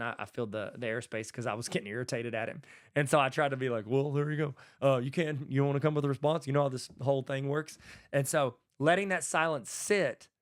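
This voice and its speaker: With a slightly bright voice pitched on the high side, a man runs his own solo podcast as host and educator. He keeps it casual and folksy, acting out lines of dialogue in a conversational way.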